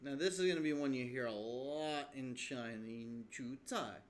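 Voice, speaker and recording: A man's voice: medium pitch, fairly quick, a little hiss or hum. A man teaching from his own language study in a casual video lesson, thinking aloud with fillers and restarts. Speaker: language learner explaining lessons.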